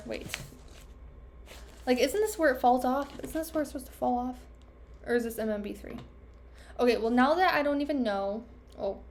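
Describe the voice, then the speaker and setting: A young female trader talks to herself while going over charts on a screen recording, trailing off and criticizing herself as her voice gives out. It's a fairly high voice with vocal fry and a faint hiss or hum in the audio.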